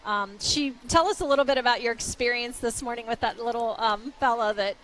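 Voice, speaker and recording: A woman's voice: on the high side, brisk, fairly bright tone, slight background noise, low-quality recording. An older woman with a West Virginia accent co-hosting a live local fair broadcast, chatting and asking questions with frequent ums.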